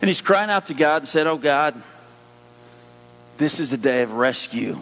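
Male pastor, sermon delivery, slightly high voice, punches up the scripture readings; muffled recording with long hall echo. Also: animated, normal speed. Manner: preaching with rising emphasis on scripture readings. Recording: dull hum-laden audio with long hall reverb.

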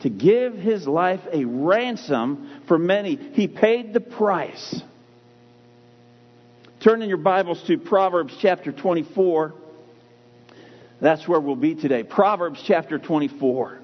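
Husky-voiced preacher in a reverberant hall. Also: male voice, a little high, expressive. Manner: emphatic, repeats key phrases with drawn-out stress. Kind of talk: sermon. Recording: dull recording with long hall reverb.

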